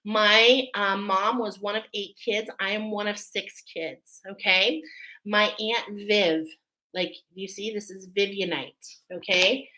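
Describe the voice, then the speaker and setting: A woman's voice: mid-range voice, steady tone, slow pace, bright, forceful tone, low-quality recording. A middle-aged woman giving a spiritual oracle reading in a chatty, emotional way, often checking in with "okay?". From Irish Catholic family. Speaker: oracle card reader. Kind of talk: spiritual card reading, live.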